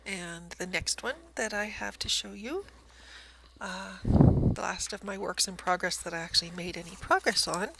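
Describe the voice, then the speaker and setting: Woman, casual show-and-tell, gravelly fry, soft near-whispers, self-deprecating. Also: medium pitch, moderate pace, background noise. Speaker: cross stitch vlogger.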